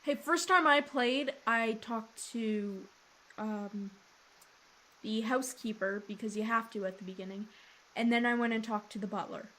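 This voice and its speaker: A woman's voice: a little high, unhurried, bright, forceful tone. A young woman chatting casually while her friend plays a game, giggly and teasing. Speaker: let's play co-host. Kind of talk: casual gaming chat.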